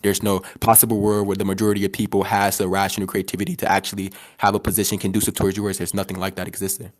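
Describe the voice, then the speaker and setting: Fast-talking low-voiced mocking man. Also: level tone, no echo, clean studio sound. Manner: mocking, talks over the other speaker. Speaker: debater. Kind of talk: heated online debate.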